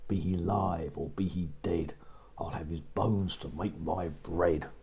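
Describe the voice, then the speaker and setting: A man voicing a huge, gruff, man-eating giant in a children's story, with slow, growling, menacing commands. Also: sits low, fairly even intonation, a little mellow, voice pushed down. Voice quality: husky. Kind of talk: storybook reading.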